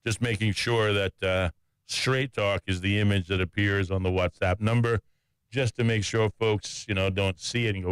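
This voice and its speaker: A man's voice: on the low side, steady tone, normal speed, clear, resonant tone, dry recording. A man hosting a radio talk show in a studio, chatty and joking at his own expense. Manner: chatty, joking and self-mocking.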